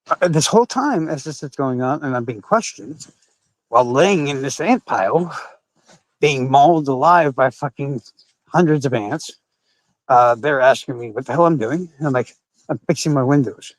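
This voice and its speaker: A man telling a personal story casually, animated and full of swearing and fillers. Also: medium pitch, a little slow, long pauses, dry recording, poor audio. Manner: profane, animated, with frequent fillers. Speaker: podcast storyteller.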